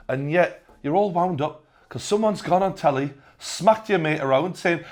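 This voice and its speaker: A young Geordie man with a slightly high voice hosts a comic news rundown. He talks with sarcasm and hammers home deadpan running gags. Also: moderate pace. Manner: sarcastic, repeats punchlines deadpan. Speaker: host. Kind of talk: comedic news rant.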